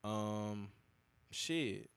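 A man's voice: drawn-out words, creaky, clean tone. A young adult man, hosting a podcast and telling a casual, profane story, acting out other people's lines with big jumps in his voice. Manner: animated, profane, acts out quoted lines with big pitch jumps. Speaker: podcast host.

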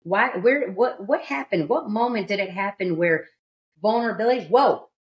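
A woman's voice: mid-range voice, moderate pace. A woman hosting a studio podcast, talking candidly and emphatically in casual chat. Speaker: podcast host.

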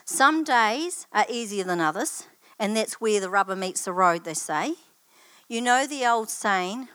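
An older woman gives a personal testimony in a church setting. Her voice sits at a middling pitch, and she talks in a chatty, anecdotal way, wandering into asides as she tells her stories. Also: a bit bright, no room sound. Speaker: church student giving a testimony.

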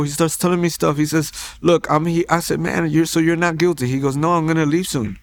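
A man telling his personal faith testimony at a church, in a casual, animated storytelling way that acts out quoted lines, with frequent restarts. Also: a little high, a little fast, few pauses. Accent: Texan. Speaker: testimony speaker.

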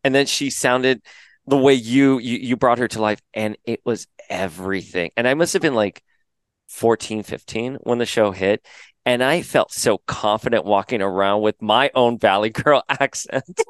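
An enthusiastic woman host in her thirties from South Florida, talking fast and laughing as she chats. Her voice is smooth and resonant, recorded dry and close. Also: extremely low pitch, dry recording. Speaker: interview host. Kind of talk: casual interview chat.

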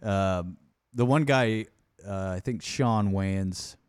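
A man's voice: fairly low pitch, slow pace, smooth, no echo. Laughing man host, dry close sound. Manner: laughs often, retells movie scenes. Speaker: podcast host. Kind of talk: casual chat.

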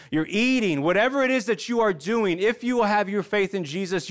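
A man in his thirties preaching a sermon, earnest and conversational, rising in bursts and dropping to a hush for emphasis. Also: medium pitch, clean tone. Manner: earnest, conversational preaching with surges and hushed drops. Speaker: pastor.

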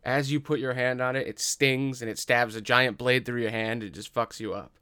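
A man running a tabletop game as game master, with slow, dramatic narration and casual asides. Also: mid-range voice, steady tone, pushed and bright, smooth, no room sound, clean studio sound.

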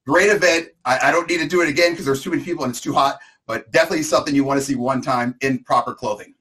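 A man's voice: mid-range voice, steady tone, rapid-fire, fairly bright tone. A middle-aged man co-hosting a casual chat, telling a long comic story with exaggerations and asides. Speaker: co-host.

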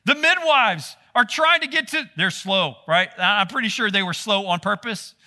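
Man preaching, high voice, very bright tone, animated and direct. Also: moderate pace. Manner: animated, exclaiming, talks straight to listeners. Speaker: pastor. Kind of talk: sermon.

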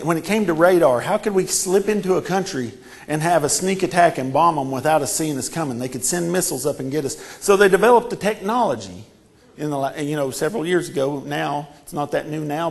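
A man preaching a sermon, moving from quiet storytelling to fervent, shouted declarations with heavy repetition. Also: fairly high pitch, a little fast, gravelly. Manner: impassioned, building to shouted repetitions.

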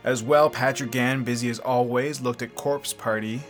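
A man's voice: medium pitch, steady tone, moderate pace, faint music behind. A man hosting a podcast in casual chat, talkative and laughing often. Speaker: podcast host.

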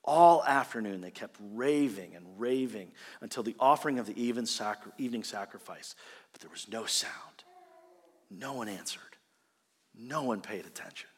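A man preaching a sermon as a pastor, animated and conversational, often checking in with his listeners. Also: on the low side, normal speed, breathy edge, big-room sound. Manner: animated, conversational, asks the congregation "right?".

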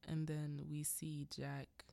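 A woman with a low voice rambles through a casual movie recap at an unhurried pace, laughing between lines and padding with fillers. English is not her first language, and her voice comes across close and dry. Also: completely flat delivery, vocal fry, warm tone, no room sound. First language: a language other than English. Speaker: podcast host.

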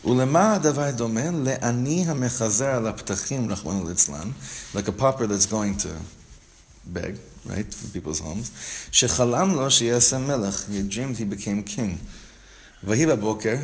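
A man's voice: on the low side, moderate pace. Man teaching a casual text class. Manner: explains step by step, repeats phrases, frequent restarts.

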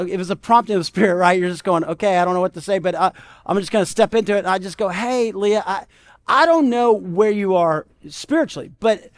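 A male pastor preaching a conversational sermon, telling stories and often asking "right?". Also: high-pitched. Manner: conversational, animated storytelling with frequent "right?".

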